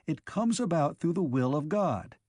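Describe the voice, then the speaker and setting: A fixated male robot , as a man reads him, lays out his logic in flat, methodical steps. The voice sits a little higher than the reader's own and sounds dry and close. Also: moderate pace, no room sound. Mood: earnest.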